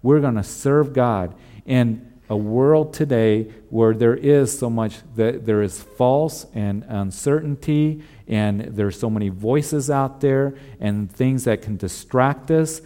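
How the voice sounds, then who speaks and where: A man's voice: mid-range voice, slow, few pauses, warm tone. A male pastor preaching a sermon in an earnest way, repeating emphatic refrains.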